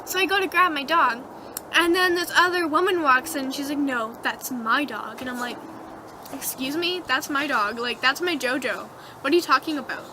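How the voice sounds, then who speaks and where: A woman's voice: high voice, a little fast, noisy background. A teenage girl vlogger animatedly retelling a dream to camera, giggling often. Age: teens. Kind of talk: casual storytelling to camera.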